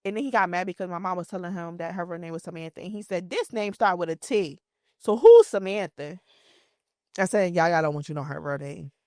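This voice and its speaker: Thirties woman, podcast co-host, lively storyteller who acts out quotes, dry close sound. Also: lowish voice, fast, few pauses, no echo. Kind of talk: casual chat.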